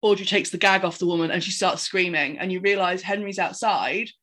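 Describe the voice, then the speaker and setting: A woman, chatting casually as a podcast co-host and retelling a film in an animated, rambling way. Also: on the low side, brisk. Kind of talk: casual chat recapping a film.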